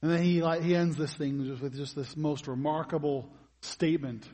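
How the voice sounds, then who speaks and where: Male pastor, somewhat high husky voice, chatty sermon with questions to the room, long hall reverb. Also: steady tone, normal speed, a little mellow. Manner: conversational preaching, asks the congregation questions.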